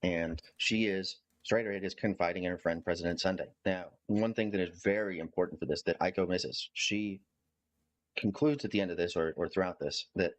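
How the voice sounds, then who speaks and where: Deep-voiced man explaining calmly. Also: low-quality recording. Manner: measured, explanatory. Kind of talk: explaining commentary.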